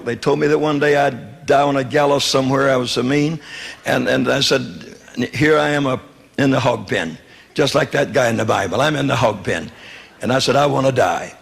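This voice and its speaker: A Southern man with a medium-pitched, brisk, creaky and husky voice preaches his testimony. His storytelling is folksy, humorous and wry, and he acts out quoted dialogue as he goes.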